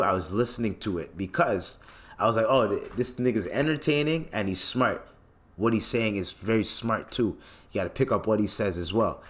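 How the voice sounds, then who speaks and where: A man hosting a podcast, ranting in a blunt, profane, mocking way as he gives casual commentary. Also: mid-range voice. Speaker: podcast host.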